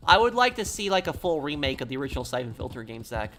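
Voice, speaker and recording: A man's voice: medium pitch, sing-song, fast talker, pushed and bright, a little hiss or hum. A man streaming a game, chatting casually, reading chat aloud and rambling with many fillers.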